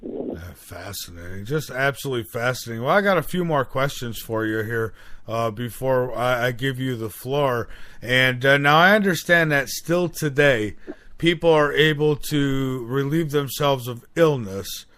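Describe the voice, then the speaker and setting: A man hosting an interview, asking his guest questions in a measured, polite way. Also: mid-range voice, a bit bright, no echo. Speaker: interview host.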